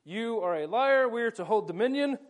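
A man's voice: very high voice, animated, fairly quick. A man playing a stern, commanding first man. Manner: firm, commanding.

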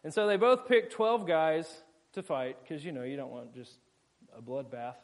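A man preaching in a casual, jokey way, retelling a scripture story with quick voiced asides. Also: on the high side.

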